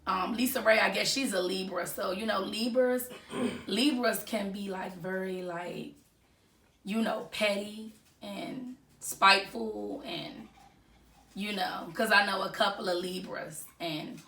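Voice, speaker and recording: A woman's voice: mid-range voice, fairly even intonation, slow, a bit bright, echoey room, far from the mic. A woman giving casual gossip commentary, chatty and full of fillers as she retells what others said.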